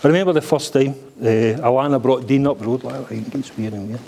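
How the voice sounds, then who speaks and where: A man's voice: medium pitch, fast talker, vocal fry, warm tone. A middle-aged Scottish man giving a joking, blunt father-of-the-bride speech at a wedding reception, swearing freely.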